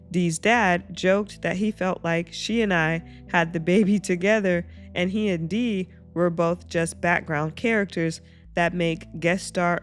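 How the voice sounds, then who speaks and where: A woman reading online stories aloud as host of her channel, breaking off into animated asides and reactions. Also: fairly low pitch. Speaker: reddit story reader and reactor.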